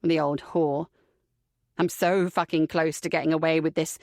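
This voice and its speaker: A woman's voice: sits low, flat delivery, normal speed, darkish tone, no room sound, clean studio sound, voice pushed down. A woman voicing a sneering cruel young man. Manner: contemptuous, taunting, foul-mouthed. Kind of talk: audiobook character reading.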